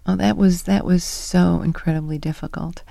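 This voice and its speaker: A middle-aged woman being interviewed, telling animated stories and acting out quoted lines. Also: on the low side, normal speed, creaky, no room sound. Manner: animated storyteller who acts out quoted lines. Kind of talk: conversational interview.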